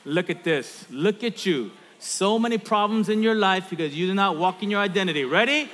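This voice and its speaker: A man's voice: high voice, moderate pace, few pauses, big-room sound, a little hiss or hum. A man preaching a sermon in a church, reading scripture and then leading the congregation in an interactive exercise. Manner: animated preaching with direct audience instructions. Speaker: pastor. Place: church sanctuary.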